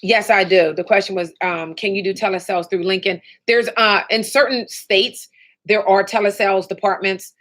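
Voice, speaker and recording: A woman's voice: mid-range voice, steady tone, moderate pace, fairly bright tone. A woman running a live training session for sales agents, upbeat and motivational, often checking in with "okay?" and "right?".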